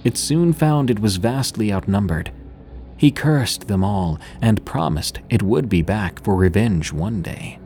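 A man reading horror stories in a measured, grave scripted narration, slowing for dramatic pauses. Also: lowish voice, expressive, mellow, a little hiss or hum.

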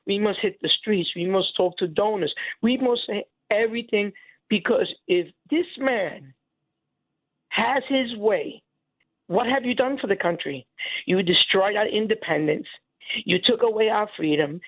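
An emotional man calls in to a radio show and speaks in an impassioned, halting way full of restarts. His voice is husky and gravelly, and it comes through a tinny phone line. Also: high voice, dry recording. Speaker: caller. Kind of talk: call-in radio caller.

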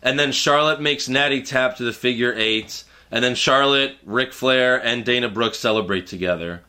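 A man's voice: medium pitch, moderate pace, pushed and bright. A man co-hosting a casual podcast chat, recapping events in a laid-back, joking play-by-play way. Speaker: podcast co-host recapping wrestling.

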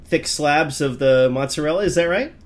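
A man's voice: fairly high pitch, moderate pace. A man hosting a joking chat, playing along and asking eager questions. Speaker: show host. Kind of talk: casual comedic chat.

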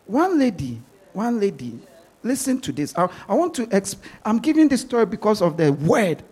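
Husky, animated preaching man. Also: high-pitched, normal speed. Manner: emphatic, repeats words while pressing a point. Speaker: pastor. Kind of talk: sermon.

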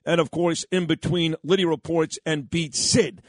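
Upbeat New radio host, dry studio. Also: male voice, fairly high pitch, steady tone, normal speed, no echo. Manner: upbeat, effusive, announcer-like. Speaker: radio talk show host. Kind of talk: morning talk radio.

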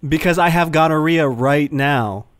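A man's voice: fairly high pitch, unhurried, no room sound. A man co-hosting a comedy call-in show, trading campy, sassy quips. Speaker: co-host. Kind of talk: crude comedic banter.

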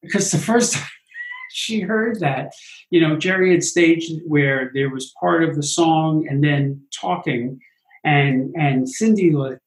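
A man, a Broadway producer, telling animated stories in an interview and acting out what others said. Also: fairly high pitch, unhurried, roomy sound, poor audio. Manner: animated anecdotes, acts out quotes. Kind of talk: interview storytelling.

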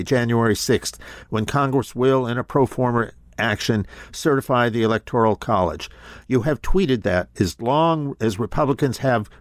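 A male talk radio commentator with a middle-pitched voice, recorded dry and close in a studio. He reads quotes aloud, then jumps in with emphatic, sarcastic asides. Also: no echo.

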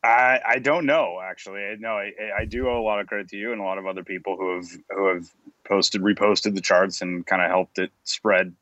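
A man's voice: low voice, fairly even intonation, a little fast, fairly bright tone, dry recording, lo-fi sound. A man being interviewed as a guest researcher, answering casually and hesitantly. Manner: hesitant, casual, with many restarts.

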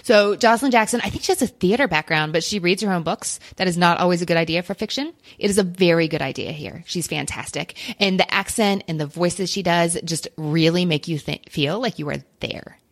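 A woman hosting a podcast, giving quick, chatty book recommendations in a casual conversation. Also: on the low side. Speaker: podcast host. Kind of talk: casual chat.

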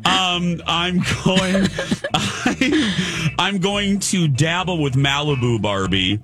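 A man's voice: high voice, expressive, slow pace, fairly bright tone, faint music behind. A man co-hosting a radio show, bantering playfully and stumbling over his words.

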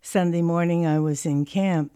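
A woman in her eighties from California, telling stories from her childhood in a lively, anecdotal way. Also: on the low side, normal speed, clean tone, no echo, clean studio sound. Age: 80s. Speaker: interviewee. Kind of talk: personal storytelling.

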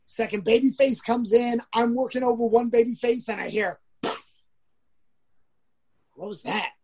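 A man's voice: extremely high pitch, fairly even intonation, a little fast, background noise. A man, a professional wrestler as a guest, telling stories casually. He rambles, restarts often and acts out the lines of others. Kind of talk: casual storytelling.

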